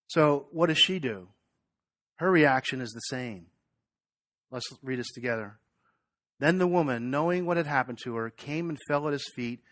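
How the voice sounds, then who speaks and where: A man's voice: medium pitch, dry recording. A man preaching a sermon, retelling a story in a conversational way and asking the congregation questions. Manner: animated retelling with acted quotes. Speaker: pastor.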